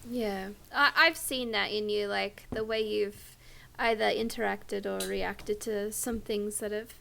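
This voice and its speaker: A woman's voice: mid-range voice, fairly even intonation, a little slow, vocal fry, pushed and bright, a little hiss or hum. A woman cohosting a podcast, chatting in a hesitant, rambling way. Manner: hesitant, rambling, with many fillers and restarts. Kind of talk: casual podcast chat.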